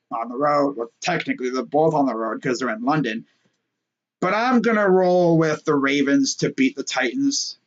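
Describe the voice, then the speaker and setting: A man's voice: on the high side, a bit bright, muffled recording. A young man casually talking through his weekly football picks, joking and rambling with lots of fillers. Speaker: sports picks host. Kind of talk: casual solo sports talk.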